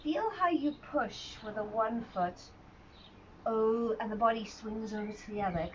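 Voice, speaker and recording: A woman guides a live online pilates session, calling out each movement in a warm, encouraging way and slipping in joking asides. Her voice sits at an ordinary pitch. The recording sounds a little muffled, with a faint background hiss. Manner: chatty, encouraging cues with self-deprecating asides. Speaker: pilates instructor. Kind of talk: live online exercise class instruction. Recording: slightly dull sound with faint ambient noise.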